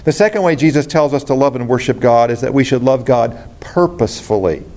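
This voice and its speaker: A man preaches with earnest conviction, speaking straight to his congregation. His voice sits at an ordinary middle pitch. The delivery is that of a pastor giving a sermon. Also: lively intonation, fairly quick, a little mellow.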